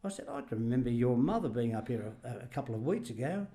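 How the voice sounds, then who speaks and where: A man's voice: mid-range voice, expressive, fast, warm tone. A man in his sixties with an Australian accent, a retired greenskeeper chatting and telling funny stories from his working life. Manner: chatty anecdotes, laughs while telling them. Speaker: podcast guest, retired greenskeeper. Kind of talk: casual storytelling chat.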